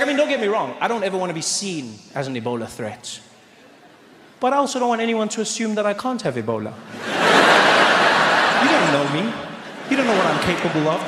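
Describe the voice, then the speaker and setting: Male stand-up, high-pitched storyteller, echoey live hall. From South Africa. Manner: animated storytelling. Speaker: stand-up comedian. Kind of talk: stand-up comedy. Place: large live comedy venue. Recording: roomy live venue with audience noise.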